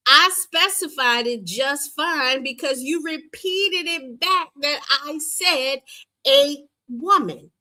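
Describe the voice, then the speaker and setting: A woman hosts a livestream debate at an unhurried, drawn-out pace. She is sassy and dismissive, and she mocks whoever argues back. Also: high voice, sharp tone. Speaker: livestream show host.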